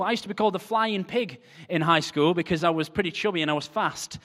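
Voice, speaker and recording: A man preaching a lively sermon to a crowd, moving between quiet asides and loud, emphatic calls. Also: a little high, fairly quick, few pauses. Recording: hall reverb.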